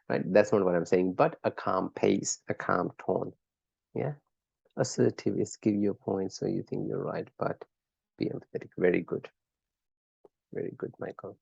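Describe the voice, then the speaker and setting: Male lecturer for an online class, encouraging and conversational, dark husky tone, dull lo-fi call audio. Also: on the low side, moderate pace, no echo. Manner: conversational, quizzes students by name, encouraging. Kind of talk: live online class teaching.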